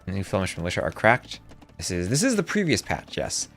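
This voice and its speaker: A man's voice: low-pitched, brisk, soft background music. Chatty man casting a strategy game. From New Jersey. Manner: chatty, reads chat aloud, excitable outbursts. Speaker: esports caster. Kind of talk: live game commentary.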